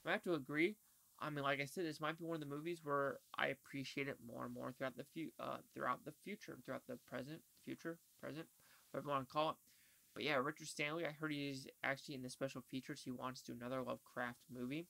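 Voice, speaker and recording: A man's voice: fairly high pitch, fast, gravelly, sharp tone, no echo. A man giving a casual, rambling movie review, slangy and swearing freely.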